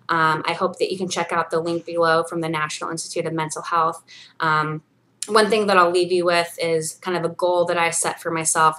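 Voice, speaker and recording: Reading from her journal and speaking directly to viewers, a thirtysomething woman makes a personal video diary in a voice on the low side with a fairly bright tone. The vlogger comes across as earnest and encouraging, with many fillers, and at one point grows emotional, near tears.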